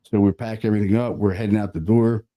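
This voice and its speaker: A man, a paranormal investigator, casually telling a story about an investigation, animated and sprinkled with swearing and fillers. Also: fairly low pitch, fast.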